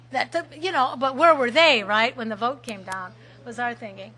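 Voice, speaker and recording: A middle-aged woman telling a lively personal story at a recovery meeting, laughing often and acting out shouts. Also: fairly high pitch, moderate pace, hardly any pauses. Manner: animated, laughing, acts out shouted quotes.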